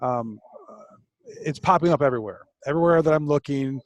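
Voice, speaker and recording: A man's voice: a little high, fairly quick, dry recording, dull audio. A man hosting a podcast who asks his guest questions in a reflective, easygoing way. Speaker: podcast host. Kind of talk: interview questions.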